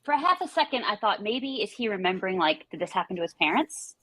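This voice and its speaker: A woman co-hosting a podcast in casual chat, reacting with emotional, expressive commentary. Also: medium pitch, quick pace, low-quality recording. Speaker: podcast co-host.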